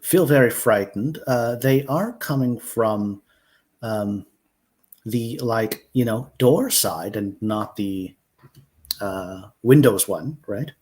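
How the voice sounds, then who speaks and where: A man leading an improvised collaborative story, talking slowly and hesitantly with many fillers. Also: lowish voice, darkish tone.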